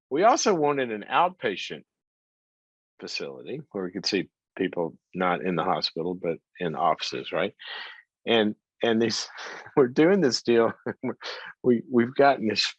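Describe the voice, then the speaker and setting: A man telling a story in a motivational talk, animated, laughing often and repeating words as he goes. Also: fairly low pitch, no echo. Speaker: psychologist and speaker. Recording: dry, slightly dull sound.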